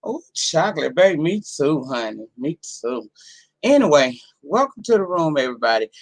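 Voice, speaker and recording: A hoarse woman in her forties chats to her live-stream audience from home, her voice roughened by a cold. She talks in a sassy, salty, familiar way, calling her viewers honey and girl, recorded on a simple home setup. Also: deep voice, big pitch swings, normal speed. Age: 40s. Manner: sassy, profane, talks straight to the chat. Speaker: livestream host. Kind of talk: casual live-stream chat.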